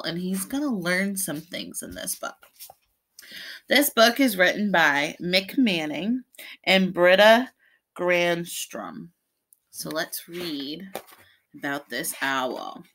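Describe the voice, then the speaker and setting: A woman, a preschool teacher, reading a picture book aloud to children and explaining the pictures as she goes. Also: lowish voice. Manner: explains the pictures between pages, animated.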